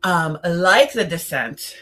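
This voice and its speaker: A woman hosts a playful countdown of her favorite horror films, taking her time over each word. Her voice sits a little low yet sounds bright and forceful, and she talks in a chatty way with theatrical asides. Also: expressive, takes it slowly. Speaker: horror film reviewer. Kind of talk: casual film countdown chat.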